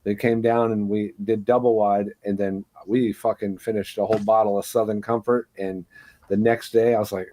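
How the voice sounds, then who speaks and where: A man's voice: lowish voice, little pitch movement, normal speed, warm tone. A man appearing as a guest country rapper, telling stories in casual, profane podcast chat. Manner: loose, profane storytelling.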